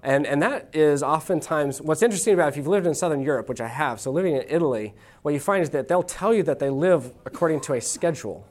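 An American lecturer with a medium-pitched, expressive, slightly mellow voice gives an informal classroom talk. He keeps it chatty, dropping quick asides and checks like "okay?".

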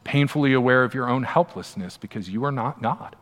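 A man, a pastor, preaching a sermon in a conversational, emphatic way, often turning to the listeners with quick asides. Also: mid-range voice, fairly bright tone. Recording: long hall reverb.

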